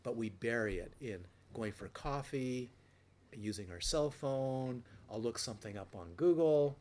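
A man teaching meditation in a relaxed dharma talk, telling anecdotes with frequent restarts and playful quoted voices, with faint noise behind. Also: mid-range voice, measured pace.

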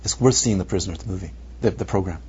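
A male meditation teacher giving a dharma talk, animated and rhetorical, sometimes dropping to near whispers, on a muffled recording. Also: low voice, quick pace. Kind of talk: dharma talk to retreat students. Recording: muffled lo-fi recording with faint noise.

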